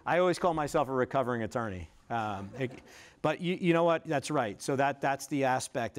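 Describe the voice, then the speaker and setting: Chatty self-deprecating man presenting. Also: mid-range voice. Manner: conversational, self-deprecating, frequent tag questions. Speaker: career fest speaker. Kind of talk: casual presentation to law students.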